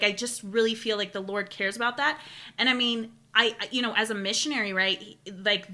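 A young woman chatting casually as a podcast co-host, telling stories with animated enthusiasm. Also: mid-range voice. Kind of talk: casual chat.

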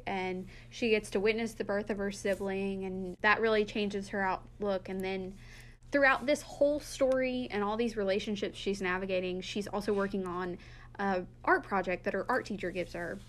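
Woman co-host, casual book talk, lively quoted bits, mid pitch. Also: a little hiss or hum. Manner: animated, acts out quotes from the book. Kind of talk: casual chat, retelling book plots.

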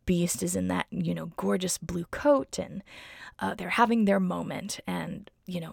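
Gushing young woman with heavy vocal fry. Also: fairly low pitch, steady tone, measured pace, no echo, clean studio sound. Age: young adult. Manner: chatty, gushing, heavy use of "like" and "um". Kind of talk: casual personal storytelling.

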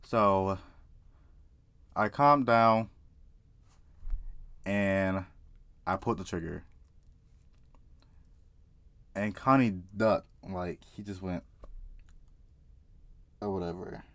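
A man casually telling a story to camera, profane and excitable, often laughing. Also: sits low, slow pace, long pauses, no room sound. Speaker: vlogger.

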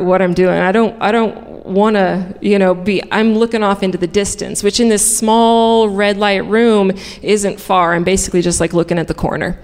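A woman tells a bawdy personal story on stage in a frank, comic, profane way. Her voice carries through a big hall with a long, lingering reverb. She sits in a middle pitch, neither high nor low.

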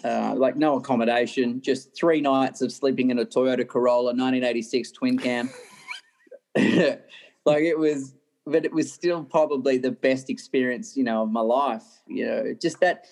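Animated Australian man telling stories. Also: medium pitch, moderate pace. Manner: animated, laughs often, restarts sentences. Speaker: racing driver guest. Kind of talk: interview storytelling.

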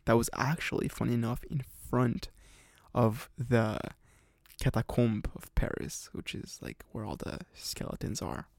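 A man's voice: medium pitch, a little slow, gravelly, dry recording, studio quality. A man in his twenties casually telling a personal story on a podcast, rambling with lots of fillers. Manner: rambling, many fillers and restarts. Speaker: podcast host.

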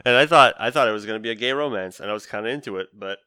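A man's voice: lowish voice, rapid-fire, sharp tone, clean tone, no echo, clean studio sound. A man in a casual film-review chat who laughs often and rambles through asides.

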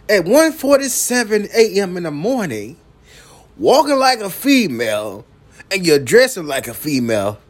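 A man hosting a late-night solo podcast, talking slowly and profanely and returning again and again to one catchphrase. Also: high-pitched, very animated. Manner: slow, profane, repeats a catchphrase; coughs now and then. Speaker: podcast host. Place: downtown building at night.

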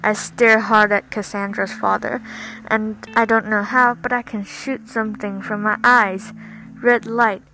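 A woman's voice: mid-range voice, sharp tone, slight background noise, low-quality recording. A woman reading a first-person story aloud in an emphatic, dramatic storytelling manner.

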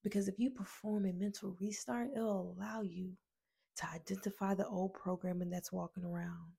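Husky, gravelly woman giving a motivational talk. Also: medium pitch, flat delivery, moderate pace, warm tone. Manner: earnest and emotional, addresses listeners as friends, repeats phrases. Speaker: motivational speaker. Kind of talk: personal story in a motivational talk.

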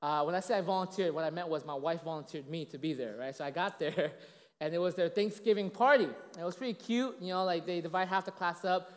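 A man in his late thirties giving a casual, conversational sermon as a pastor, telling stories with lots of fillers and "you know, right?" asides, and acting out quoted voices. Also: quick pace. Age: late 30s. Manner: casual, chatty, heavy on fillers and 'you know', 'right?'; acts out quoted voices with big pitch jumps. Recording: long reverb of a large hall.

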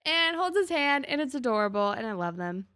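A woman co-hosting a podcast, chatting casually through an episode recap and acting out characters' lines with big jumps in pitch. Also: sing-song, brisk, a bit bright, clean tone, no echo, clean studio sound. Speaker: podcast co-host.

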